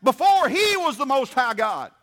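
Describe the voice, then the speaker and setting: A man's voice: extremely high pitch, sing-song, normal speed, fairly bright tone. A man preaching a sermon in a folksy, emphatic way. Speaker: pastor.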